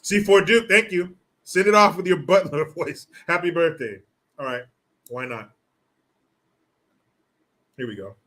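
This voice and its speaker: A man's voice: on the high side, a little slow, pauses often, fairly bright tone. A man hosting a livestream, talking casually and crudely, mocking with big theatrical swings. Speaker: livestream host.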